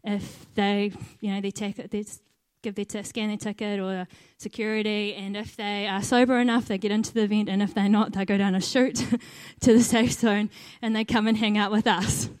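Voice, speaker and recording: A woman's voice: mid-range voice, little pitch movement, moderate pace, few pauses, a little mellow, clean tone, no echo. Earnest woman telling a story, dry close sound. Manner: earnest storytelling, laughing at herself. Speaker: volunteer team leader. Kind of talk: personal testimony.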